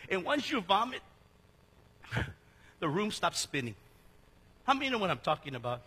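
A male pastor delivering a lively sermon in a church, joking and quizzing his congregation. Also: high voice, normal speed, husky. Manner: lively, jokey preaching that asks the congregation questions.

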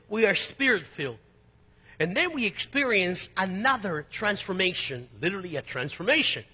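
A middle-aged male pastor preaching a sermon, swinging between quiet, low passages and loud, emphatic outbursts, and slowing down to read scripture aloud. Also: husky, long reverb tail.

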